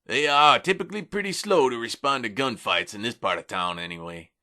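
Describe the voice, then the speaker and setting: A man's voice: medium pitch, brisk, pushed and bright, voice pushed up, close to an everyday voice. A man voicing a practical, unflappable male fixer in an audiobook, speaking bluntly and matter-of-factly. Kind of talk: audiobook reading.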